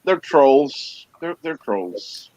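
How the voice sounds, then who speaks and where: A man hosting a live stream, talking casually and haltingly with many pauses and fillers. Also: medium pitch, big pitch swings, a little mellow, no echo. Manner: hesitant, lots of fillers. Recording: dull, muffled stream audio.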